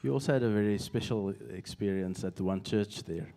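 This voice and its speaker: A man hosting a casual talk, calmly thanking and introducing guests. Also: fairly low pitch, a little fast. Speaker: host. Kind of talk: casual chat.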